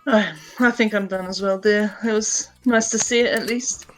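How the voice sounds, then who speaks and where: Woman playing a gentle, motherly townswoman. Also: mid-range voice, steady tone, normal speed, close to an everyday voice. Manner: gentle, calls people dear. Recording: faint music behind.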